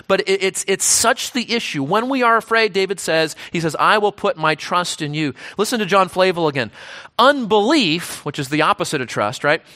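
A man's voice: high-pitched, bright, forceful tone. A man, the pastor, preaching a sermon in a conversational way, often restarting phrases and checking in with "right?".

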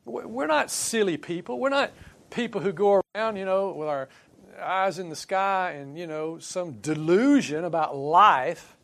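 A man preaching a sermon in a conversational way, putting questions to his congregation and swinging from quiet asides to emphatic points. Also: a little high. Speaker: pastor.

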